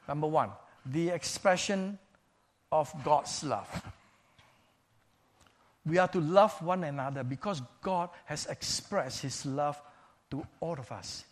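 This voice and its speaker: Man, preacher, sermon, measured and emphatic, repeats key phrases, slightly higher voice.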